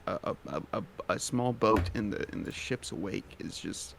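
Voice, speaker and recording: A man playing a tabletop game in casual chat, easygoing and halting. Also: fairly low pitch, creaky, background noise. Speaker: player. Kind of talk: casual tabletop role-play.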